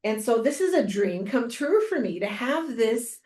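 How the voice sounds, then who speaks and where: A woman co-hosting a podcast, chatting casually and telling an excited personal story. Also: fairly high pitch, moderate pace. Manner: excited, storytelling, acts out quoted voices. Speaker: podcast co-host. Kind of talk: casual chat. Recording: roomy echo.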